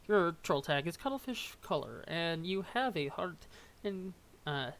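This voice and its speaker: A young adult with a slightly bright, animated mid-range voice reads a webcomic at a measured pace. It's casual, broken up by tripped-over words, playful asides and laughs.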